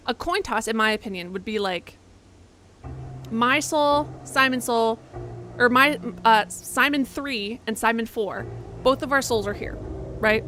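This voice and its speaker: Over soft background music, a young woman streams a horror game and chats casually as she plays. Her voice sits a little high and sounds bright and forceful, and she rambles, pokes fun at herself, and tosses in quick asides.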